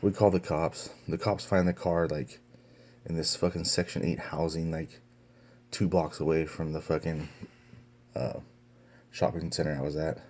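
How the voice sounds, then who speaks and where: Low husky-voiced young man telling a story. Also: level tone, normal speed, pauses often, darkish tone. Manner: profane, rambling telling full of fillers and restarts. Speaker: vlogger. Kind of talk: casual storytelling vlog.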